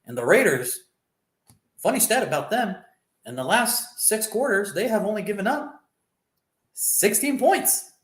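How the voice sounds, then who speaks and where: A man's voice: high voice, animated, a little slow, pauses often, roomy sound, rough recording. A man co-hosting a sports show, chatting loosely about football picks and rambling as he swears freely. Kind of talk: casual sports prediction chat.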